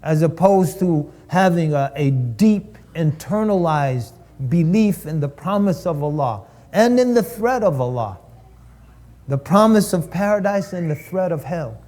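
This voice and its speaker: A man's voice: on the high side, animated, a little slow, darkish tone. A man giving a preaching lecture at a live-streamed event, building rhetorical lists and repeating phrases for emphasis.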